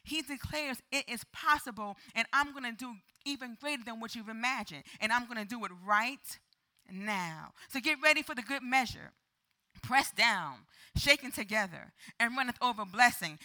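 A woman's voice: on the high side, expressive, normal speed, sharp tone. A woman preacher delivering a sermon, with call-and-response and acted-out prayers.

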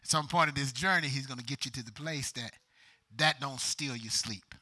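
A man preaching a sermon as pastor, dropping to whispers and building to loud climaxes. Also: medium pitch, normal speed.

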